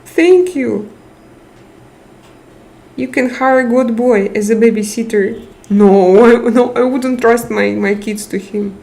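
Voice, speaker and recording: Slow-talking tired woman streamer. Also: a little high, fairly even intonation, creaky. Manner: warm, emotional, reads out chat names and thanks viewers. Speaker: live stream host. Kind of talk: casual live chat with viewers.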